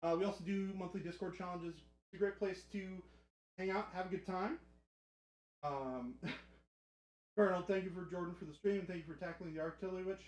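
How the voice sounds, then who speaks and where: A man with a fairly high voice chats through a live stream, easy and joking with his viewers. His voice rings in an echoey room. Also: fairly even intonation, normal speed, darkish tone. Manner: chatty and joking with chat. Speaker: livestream host. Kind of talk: casual live-stream chat. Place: hobby studio.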